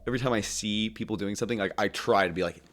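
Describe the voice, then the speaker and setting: A young man who is a podcast guest, talking in a rambling, animated way with lots of fillers. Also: fairly low pitch, rapid-fire. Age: young adult. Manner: rambling, heavy use of fillers, animated storyteller. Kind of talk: casual interview chat.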